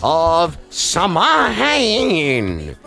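A man putting on the slow, solemn voice of a deep-voiced male radio newsreader. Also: huge pitch swings, gravelly, music in the background, heavily acted. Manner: slow, solemn announcer delivery.

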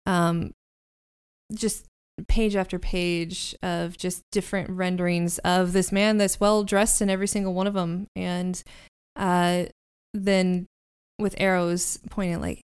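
Smooth-voiced woman running a tabletop game. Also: on the low side, little pitch movement, unhurried. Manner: chatty, laughs often, many fillers. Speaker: game master.

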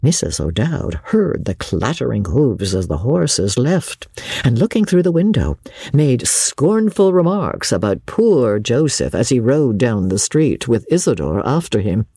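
A woman narrating a classic novel in a slow, expressive, measured audiobook reading. Her voice is husky, and her pitch moves a lot. The sound is dry and close to the mic. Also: dry recording. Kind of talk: scripted narration.

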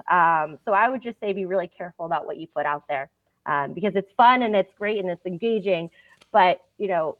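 A woman's voice: on the low side, no echo. A woman guest in an interview, telling stories in an earnest, casual way with some fillers. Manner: earnest storyteller, uses fillers. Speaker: guest, founder of a storytelling platform. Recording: tinny phone-like line.

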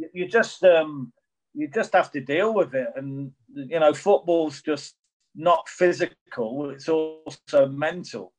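On a rough recording, a middle-aged ex-footballer responds to interview questions, wandering off track and starting over many times. His voice sits at medium pitch and sounds a little mellow. He appears as a former professional footballer guest.

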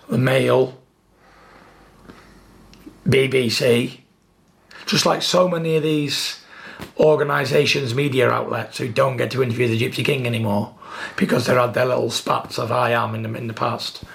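A man's voice: medium pitch, fairly even intonation, unhurried, creaky, pauses often, a bit bright. A man, a boxer, speaking bluntly in a casual interview. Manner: blunt, repetitive, listing points. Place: gym.

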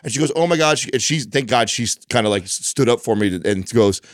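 A man co-hosting a podcast, telling a lively, profane anecdote in casual chat. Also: fairly low pitch, fast talker, no room sound, studio quality. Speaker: podcast co-host.

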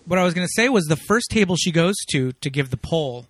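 Male podcast host, a touch high-pitched, giggly and chatty, dry close mic. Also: lively intonation, fast, fairly bright tone, dry recording. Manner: chatty, laughs often, frequent fillers. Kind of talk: casual chat.

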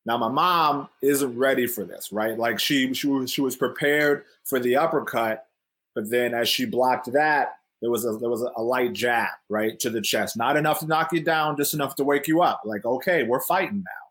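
A young man tells a story from his own childhood in a relaxed, chatty way. His voice sits at an ordinary middle pitch for a man. He jumps into the voices of the people he quotes, laughs here and there, and keeps checking in with "right?". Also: normal speed, breathy edge. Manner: animated, acts out quotes, laughs often. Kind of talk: casual storytelling.

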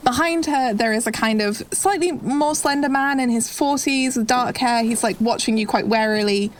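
A woman's voice: fairly high pitch, normal speed. A woman narrating a tabletop game as game master, descriptive and rambling with lots of "kind of" and "like".

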